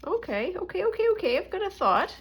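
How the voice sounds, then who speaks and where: A woman's voice: very high voice, very animated, a little fast, dull audio. A woman with a Canadian accent chatting casually and rambling a bit as a crafting vlogger, often self-deprecating. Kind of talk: casual chat while drawing.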